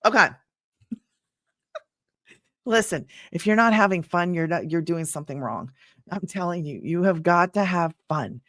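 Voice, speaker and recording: A woman's voice: on the low side, lively intonation, normal speed. A middle-aged woman teaching in a loose, chatty livestream, laughing often and wandering off topic before pulling herself back. The sound is dry and close, with no room echo. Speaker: online business coach. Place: home room.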